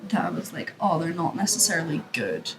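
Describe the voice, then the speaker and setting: A young woman co-hosting a podcast, chatting in an easygoing, hesitant, soft-spoken way. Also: deep voice, sing-song, fairly quick, vocal fry, noisy background. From Scotland. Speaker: podcast co-host. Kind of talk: casual chat.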